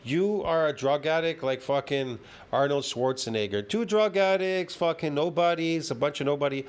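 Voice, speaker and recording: A man's voice: on the high side, moderate pace, clear, resonant tone. A man ranting heatedly and profanely as he reacts to a fitness video, repeating himself and swearing often.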